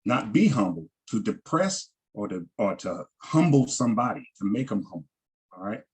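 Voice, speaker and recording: A man teaching a language class, slowly repeating each word and its pronunciation and checking in with "all right" as he goes. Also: fairly low pitch, big pitch swings, slightly rough. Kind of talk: slow vocabulary lesson over shared screen.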